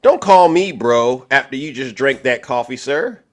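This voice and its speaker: A man hosting a live online debate stream, teasing his guest theatrically and swinging from loud outbursts to hushed asides. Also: mid-range voice, animated, a little slow. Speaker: livestream debate host. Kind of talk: animated mocking commentary.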